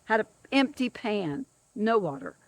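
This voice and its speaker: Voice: medium pitch, sing-song, unhurried, dry recording. A government field worker ranting in a monologue, emphatic and repetitive, who keeps stressing the same words.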